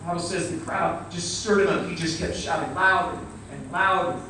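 Man, preacher, high-pitched, animated sermon, big echo, faint room noise. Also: moderate pace. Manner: animated, acts out quotes and shouts. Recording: very echoey hall, mic at a distance.

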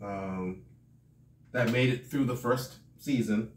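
A man co-hosting a podcast, chatting in a relaxed, playful way. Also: mid-range voice, takes it slowly, far from the mic, a little hiss or hum. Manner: relaxed, playful, echoes his co-host. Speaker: podcast co-host. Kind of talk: casual chat. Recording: echoey room, a bit off-mic.

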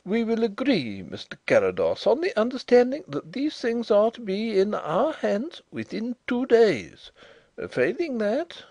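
A man's voice: wildly swooping pitch, unhurried, a little mellow, no room sound, heavily acted. A man reading the part of a fussy, anxious male bank manager who stammers when upset. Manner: agitated, stammering, high-strung.

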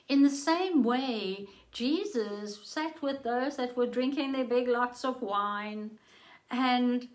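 A middle-aged woman preaching on a livestream, telling a story slowly and earnestly, then urging listeners with rising fervor. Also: on the high side, low-quality recording. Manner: slow, earnest storytelling, rising fervent in exhortation. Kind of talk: storytelling sermon.

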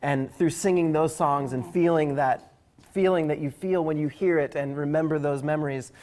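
A man's voice: on the high side, fairly even intonation, normal speed, darkish tone, a little hiss or hum. A man, eldest of three musician brothers, chatting as a guest on a morning TV show, jokey and earnest by turns. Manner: jokey, earnest, gets sentimental. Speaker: lead performer, eldest brother. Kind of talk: casual morning TV chat.

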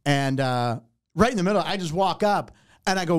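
Animated storytelling comedian, higher-pitched man. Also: fairly quick, no room sound, studio quality. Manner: animated, profane, acts out other voices in anecdotes. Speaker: comedian and warm-up host. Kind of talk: casual storytelling.

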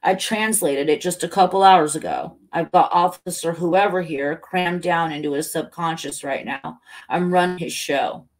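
A woman's voice: on the low side, normal speed, hardly any pauses, natural voice. A woman voicing a woman speaking through a grizzled old male cop, gushing and theatrical.

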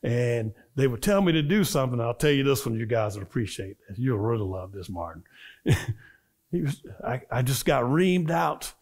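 A man's voice: mid-range voice, very animated, moderate pace, darkish tone, breathy edge. A middle-aged man, a minister, preaching a storytelling sermon and acting out the voices of people in his stories.

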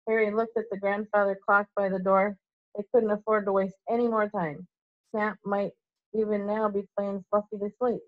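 Read-aloud narrator: woman teacher, mid-pitched, steady and expressive, muffled lo-fi sound. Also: normal speed, no echo. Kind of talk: reading a novel aloud to children. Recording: dull lo-fi recording.

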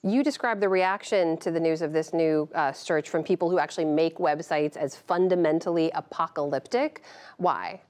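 A woman anchors a television news segment, speaking with measured, clear delivery. Her voice sits a bit low for a woman. She moves steadily between script and questions. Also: darkish tone. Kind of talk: scripted news presentation and interview.

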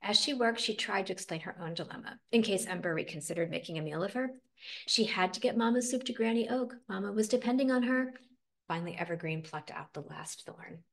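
A woman reading a picture book aloud with expressive, dramatic storytelling. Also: medium pitch, a little fast. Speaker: storybook reader.

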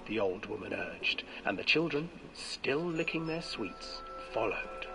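A man narrating a dark fairy tale in a slow, theatrical storytelling voice. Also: on the low side, animated, gravelly. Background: music.

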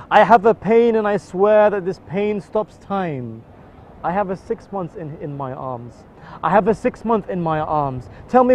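A man explains and then recites a mournful devotional poem, his voice swelling on cries and dropping soft at line ends. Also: high-pitched. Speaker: religious poetry reciter. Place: outdoors in a city. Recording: dull, muffled outdoor recording.

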